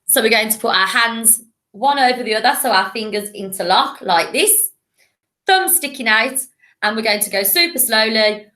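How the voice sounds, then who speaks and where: Bright woman teacher, encouraging, slightly high voice, echoey room, recorded lesson. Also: lively intonation, normal speed. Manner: encouraging, with playful animal voices. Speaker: primary school teacher.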